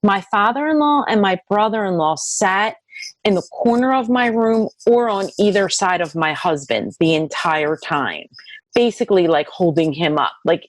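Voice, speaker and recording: A middle-aged woman telling her own near-death story in an interview, lively and full of "like" fillers. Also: no echo. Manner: lively, acts out dialogue in high voices, many "like" fillers.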